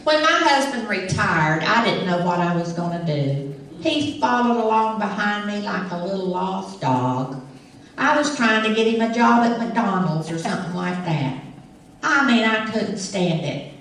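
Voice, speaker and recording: Her voice is medium-pitched, animated, unhurried and fairly bright as this middle-aged comic impersonator from East Tennessee tells folksy funny stories on stage, laughing at her own jokes. The live crowd recording is echoey and far off, with slight background noise.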